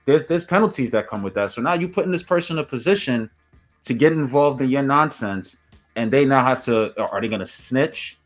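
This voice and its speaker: A man's voice: medium pitch, animated, fairly quick, faint music behind. A man hosting a podcast, talking in an earnest, reflective way and often humming in agreement. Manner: earnest, reflective, frequent affirming hums. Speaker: podcast host. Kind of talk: casual podcast conversation.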